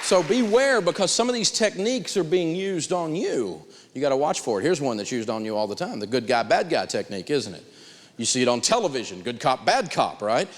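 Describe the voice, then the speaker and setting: Animated man teaching in a reverberant hall. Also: a little fast, a faint crowd, slight background noise. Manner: animated storytelling with big pitch swings. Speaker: personal finance teacher. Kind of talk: live seminar lecture.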